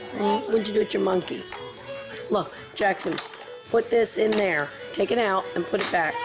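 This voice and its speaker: A woman in the middle of the pitch range, cooing and coaxing her baby with sing-song, repeated little prompts. The talk is soft and playful, pitched for a small child, with music playing behind her. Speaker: mother.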